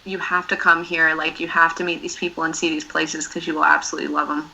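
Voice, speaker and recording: Woman, casual live-stream chat, bright tense tone, friendly. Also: low-pitched, completely flat delivery, fast talker, creaky, muffled recording. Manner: friendly, agreeable, laughs along. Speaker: guest.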